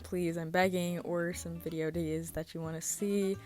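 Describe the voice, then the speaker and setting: A woman's voice: fairly low pitch, fairly even intonation, moderate pace, few pauses, darkish tone, soft background music. A young woman narrating a scripted commentary video, indignant when calling someone out, rambling and stuttering in the outro. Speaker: commentary YouTuber.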